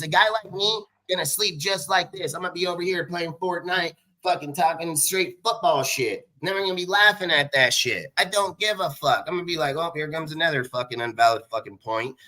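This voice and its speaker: Male, 40s, live show host: swearing, combative, boastful rant, very sharp and forceful voice pitched a bit high. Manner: rapid bursts of speech. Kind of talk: profane angry rant on a livestream.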